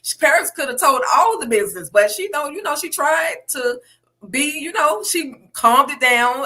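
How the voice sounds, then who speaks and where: A woman panelist talks casually over a video call. Her voice is bright and sharp and pitched fairly high, and she fills her talk with "you know". She sounds chatty and at ease. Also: expressive, normal speed. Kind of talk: casual chat about a TV episode.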